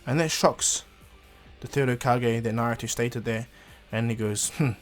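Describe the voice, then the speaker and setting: A man's voice: medium pitch, steady tone, moderate pace, soft background music. A man casually retelling a fan story, rambling with frequent fillers and restarts.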